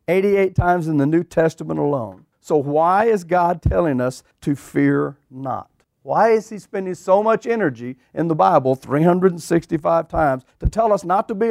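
Folksy preacher, fairly high voice. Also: male voice, no echo, studio quality. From eastern Oklahoma. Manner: animated, drawls folksy phrases, rhetorical questions to the congregation. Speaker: pastor. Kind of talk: sermon storytelling.

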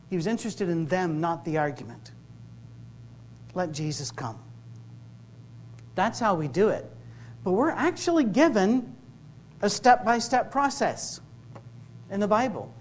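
A middle-aged man with a Scottish accent giving a humorous sermon-style talk to a live audience, conversational and full of quick asides. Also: high voice, animated, slight background noise. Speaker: campus ministry speaker. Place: workshop room with a live audience.

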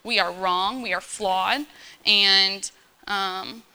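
A woman's voice: mid-range voice, fairly even intonation, drawn-out words, sharp tone, clean tone. A woman in her thirties giving an informal church talk, chatty and earnest, full of fillers and checking in with "okay?". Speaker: church speaker. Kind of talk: informal sermon to young believers.

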